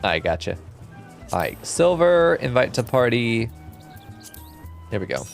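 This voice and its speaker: A man casually chatting while streaming a game, relaxed and chatty, with occasional swearing. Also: mid-range voice, measured pace, gravelly, soft background music. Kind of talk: casual let's-play chat.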